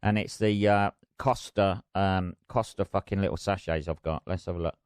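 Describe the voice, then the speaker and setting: A man's voice: sits low, steady tone, moderate pace, clean tone, no echo, studio quality. A middle-aged man hosting his own podcast, chatting in a rambling, sweary, self-mocking way. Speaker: podcast host. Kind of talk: casual solo podcast chat.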